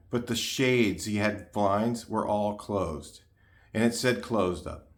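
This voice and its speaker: A man in his sixties chatting casually to his viewers, rambling with lots of fillers and restarts. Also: fairly low pitch. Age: 60s. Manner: chatty, repeats himself, frequent fillers and restarts. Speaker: car channel host. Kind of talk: casual rambling talk to camera. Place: home garage.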